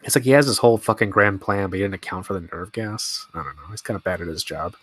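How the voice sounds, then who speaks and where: A man's voice: sits low, quick pace, fairly bright tone, husky, no echo, clean studio sound. A young man giving casual, laid-back movie commentary, musing aloud and swearing freely. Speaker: film commentary host.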